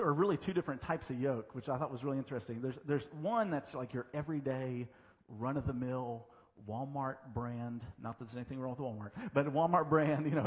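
A man preaching a sermon as pastor, mixing humorous stories and self-deprecating asides into his teaching. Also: mid-range voice. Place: church sanctuary. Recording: church hall reverb.

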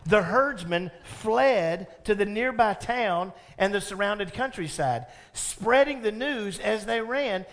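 A pastor preaching a sermon, telling the story with animated energy, asking the congregation questions and laughing along. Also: male voice, sits high, takes it slowly, hardly any pauses.

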